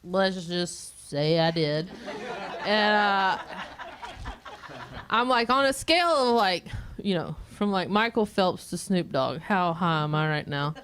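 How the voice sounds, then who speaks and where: A woman telling a funny personal story, animated and often breaking into laughter. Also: mid-range voice, measured pace, a little hiss or hum. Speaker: comedian. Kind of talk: comedic storytelling.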